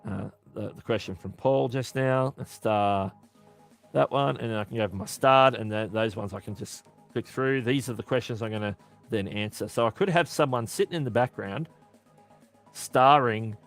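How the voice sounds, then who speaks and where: A man's voice: medium pitch, moderate pace, soft background music. An Australian man hosting a casual live-stream Q&A, chatty and often correcting himself mid-sentence. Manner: chatty, self-correcting, answering chat questions. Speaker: livestream host.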